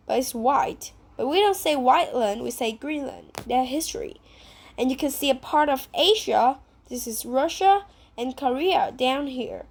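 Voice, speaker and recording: A woman with a Vietnamese accent leads a vocabulary lesson for children. She speaks slowly in a high voice, repeating each new word and checking with simple questions. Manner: slow, repeats words, asks simple questions. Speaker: English teacher.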